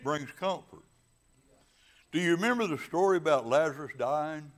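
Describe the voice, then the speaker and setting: A man preaching a sermon. He drops to soft, low passages and builds to loud, emphatic climaxes, stretching key words slowly and adding casual asides to the congregation.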